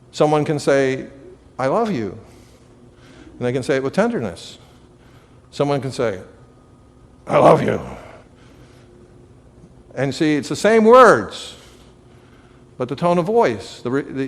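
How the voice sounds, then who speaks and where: A man's voice: on the high side, long reverb tail. A man teaching a class on communication, talking conversationally and telling everyday anecdotes. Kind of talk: lecture to a live audience.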